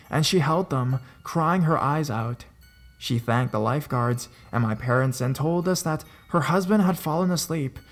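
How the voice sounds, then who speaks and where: A man narrates a first-person horror story in a steady, even reading manner. His voice sits at a middle pitch for a man. He keeps a plain storytelling tone throughout.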